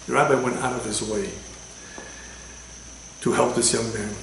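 A man, a rabbi, giving a religious lecture with animated storytelling and sudden loud quoted lines. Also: medium pitch, normal speed, pauses often, slight background noise. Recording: echoey room with faint ambience.

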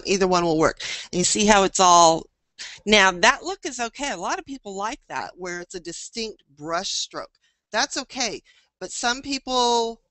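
A woman's voice: on the low side, fairly bright tone, dry recording. Chatty woman teaching a painting class. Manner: chatty, thinking aloud. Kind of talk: live online painting demo.

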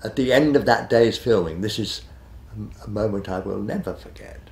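A man's voice: fairly low pitch, normal speed, echoey room, slight background noise. A man in his eighties, a retired television director, reminiscing in an interview in a rambling, hesitant way, full of fillers and restarts. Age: 80s.

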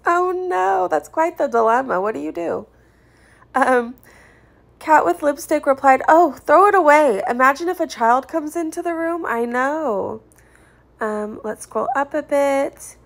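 A woman's voice: sits high, measured pace, creaky. A woman casually reading social media comments aloud, adding chuckles and short wry asides between them.

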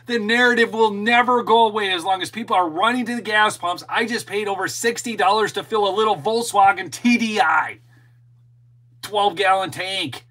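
A middle-aged man with a fairly high, bright and forceful voice hosts an opinionated commentary monologue. He is emphatic and keeps talking straight to his viewers. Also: moderate pace, rough recording. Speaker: show host and political commentator.

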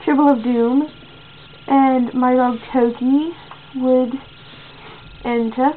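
A fairly high-voiced woman hosts a homemade contest video and rambles along, stopping to correct herself and filling gaps with ums. The sound is thin and tinny, with a faint hiss underneath. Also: steady tone, slow, long pauses. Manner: rambling, with many fillers and self-corrections. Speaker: contest host. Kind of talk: casual home video.

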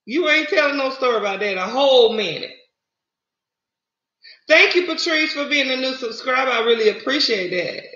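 Speaking in a high, sharp voice, this woman with a Southern accent hosts a casual livestream chat. She welcomes viewers as honey and y'all, captured with roomy, somewhat muffled lo-fi audio.

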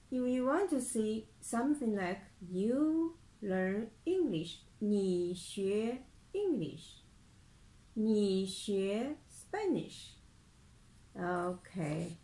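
A woman teaching a language lesson at an extremely slow, deliberate pace. She repeats every phrase carefully, with a pitch that sits in the middle range. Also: warm tone, rough recording. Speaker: Mandarin teacher.

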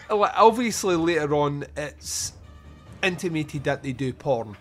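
A man hosting a podcast, reviewing a film in casual chat, animated, swearing freely and laughing often. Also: on the high side, unhurried. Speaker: podcast host.

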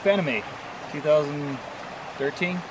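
Hiking buddy, male, low-key and brief, recorded outdoors in heavy noise. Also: slow pace, low-quality recording. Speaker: hiking companion. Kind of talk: casual chat. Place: outdoors on a hike by a creek.

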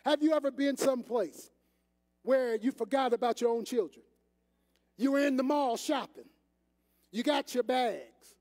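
A man's voice: very high-pitched, lively intonation, normal speed, a little mellow. An older man, an assistant pastor, preaching a sermon in a folksy, conversational way and talking straight to the congregation. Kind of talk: sermon with storytelling. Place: church sanctuary. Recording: echoey church hall.

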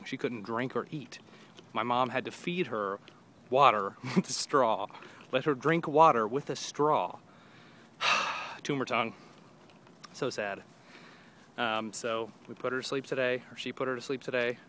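A man's voice: mid-range voice, fairly even intonation, normal speed, sharp tone, a little hiss or hum. A young man talking to a phone camera held at arm's length while walking outdoors through a neighborhood, rambling and joking casually. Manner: rambling, jokey, with mock quoted voices. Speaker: vlogger. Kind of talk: casual vlog chat.

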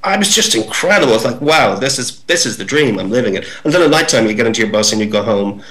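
Animated male actor telling set stories. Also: mid-range voice, quick pace, poor audio. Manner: lively storyteller, acts out voices. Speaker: actor guest. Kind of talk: casual interview anecdotes.

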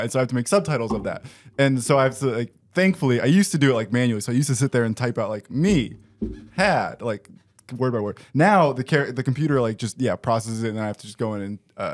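A young man hosting a podcast who talks quickly, laughs easily and jokes about himself. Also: medium pitch. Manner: quick-talking, laughs easily, self-deprecating. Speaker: podcast host. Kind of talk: casual conversational interview.

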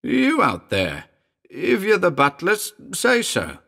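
A man's voice: sits high, wildly swooping pitch, slow, vocal fry, pushed and bright, voice pushed up, exaggerated voice. A man voicing a frightened forty-one-year-old millionaire who calls out in a strained voice that rises to near-screams. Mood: panicked. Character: frightened middle-aged male millionaire, panicking.

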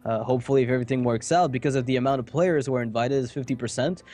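A man casting an esports match, chatting casually between games with quick asides and jokes. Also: mid-range voice, darkish tone. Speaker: esports caster. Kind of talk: casual pre-match commentary.

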